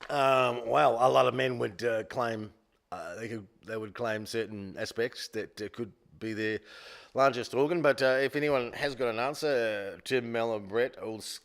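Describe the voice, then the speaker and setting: A man's voice: medium pitch, normal speed, vocal fry, a bit bright. A man hosting a live-streamed quiz, rambling and joking at his own expense, with many fillers. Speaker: quiz show host.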